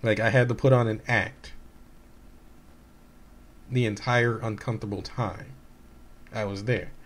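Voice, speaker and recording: With a lowish, steady voice and a slightly slow pace, a gaming YouTuber in his late twenties or thirties chats casually in a personal vlog. He keeps restarting and using fillers, and sounds open and hurt as he relays other people's remarks.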